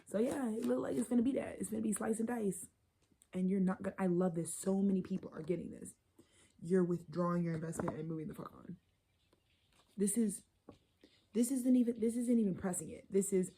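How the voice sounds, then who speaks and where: A tarot reader gives a casual reading, blunt and profane, rambling along and sometimes dropping into a whisper. Her voice is medium-pitched and mellow at normal speed, in a low-quality recording with a little hiss or hum.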